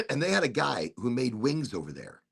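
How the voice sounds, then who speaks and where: A man hosting a casual podcast chat, telling stories in an animated way and swearing freely. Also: mid-range voice, moderate pace, creaky, husky. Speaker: podcast host.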